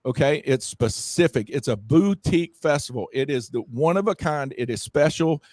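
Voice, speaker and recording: A fairly high-voiced man with a drawl talks up his festival with eager, repetitive energy. The sound is dry and close. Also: lively intonation, normal speed, a little mellow, dry recording. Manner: enthusiastic, promotional, repeats phrases. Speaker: festival organizer guest. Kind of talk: casual interview chat.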